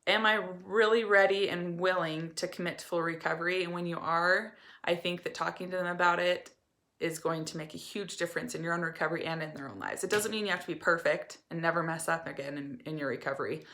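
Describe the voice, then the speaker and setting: A woman's voice: fairly low pitch, sharp tone. A woman recovery coach giving candid, earnest personal advice to camera. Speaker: eating disorder recovery coach.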